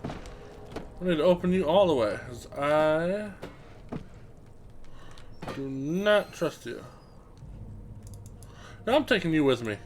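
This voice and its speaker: Excitable male let's-play commentator, slightly high voice, faint hiss behind, talks back to the game. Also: slow pace, pauses often. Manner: excitable, swears a lot, chatters to objects in the game. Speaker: gameplay commentator.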